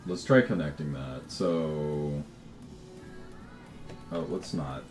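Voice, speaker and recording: A man's voice: rumbling low, slow, a little mellow, soft background music. A man chatting casually on a livestream while he codes, swearing, laughing easily and often restarting his words. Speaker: game developer livestreaming.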